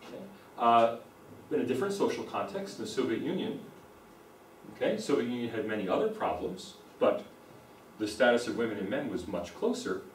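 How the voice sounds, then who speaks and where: In an expressive, medium-pitched voice, a man with a General American accent lectures at a university fairly quickly, explaining and repeating points for emphasis. He stands away from the microphone, and a roomy echo carries his voice along with faint background noise.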